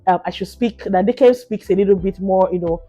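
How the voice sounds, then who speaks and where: A Nigerian woman co-hosting a podcast in casual chat, talking quickly and repeating herself as she gets going. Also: medium pitch, dark tone, soft background music. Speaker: podcast co-host.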